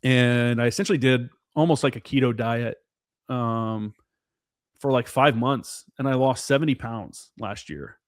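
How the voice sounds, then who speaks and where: Brief: plain-spoken veteran guest, open and sweary, medium voice, no room sound. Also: male voice, medium pitch, a little slow, no room sound, clean studio sound. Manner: candid, profane, peppered with "dude" and "man". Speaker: podcast guest, former Marine forward observer. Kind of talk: casual podcast chat.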